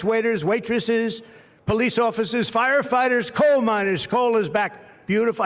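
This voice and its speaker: An older man giving a rambling, boastful political speech full of superlatives and digressions at a signing event. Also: high-pitched. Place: large hall at a signing event. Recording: reverberant hall.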